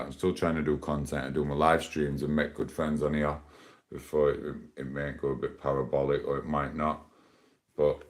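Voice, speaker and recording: A man chatting casually and rambling on a morning live stream, laughing often. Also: rumbling low. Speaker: livestreamer.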